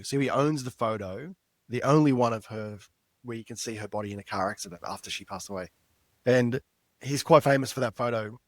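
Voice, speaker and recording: A man's voice: medium pitch, no room sound. A middle-aged man, a podcast guest telling a personal story in an earnest, reflective way. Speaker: guest author. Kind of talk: storytelling interview.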